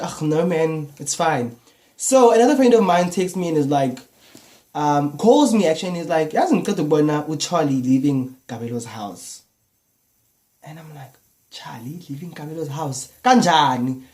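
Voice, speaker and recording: Young South African guy, storytime vlogger, casual and animated, tosses in slang fillers. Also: fairly high pitch. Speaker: YouTuber. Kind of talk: storytime vlog.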